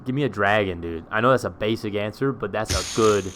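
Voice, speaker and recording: A man co-hosting a podcast in casual chat, bantering in an excitable, joking way. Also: fairly low pitch, fairly quick, slight background noise. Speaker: podcast co-host.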